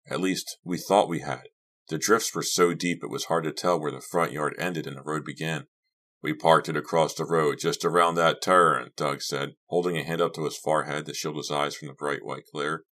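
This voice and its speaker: Very deep-voiced man reading aloud. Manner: steady, measured reading. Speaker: audiobook narrator. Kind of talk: scripted narration.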